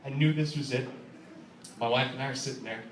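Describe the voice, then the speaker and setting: A man performing a stand-up comedy set, telling a story with animated delivery, acting out voices and laughing at his own jokes. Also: mid-range voice, brisk, distant mic, slight background noise. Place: comedy club stage. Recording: echoey club recording, audience laughter. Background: audience laughing.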